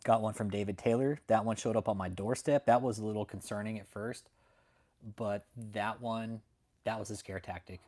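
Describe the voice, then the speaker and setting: A man's voice: fairly low pitch, fairly even intonation, normal speed, a little mellow. A young adult man hosting a channel, telling a story to his viewers in a brash, profane, casual rant. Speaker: channel host.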